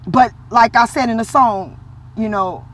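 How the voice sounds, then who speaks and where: A woman's voice: a little high, measured pace. A woman telling a personal faith story in casual vlog talk, acting out quotes with animation. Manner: animated, acts out quotes in a lively voice, religious talk. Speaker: vlogger.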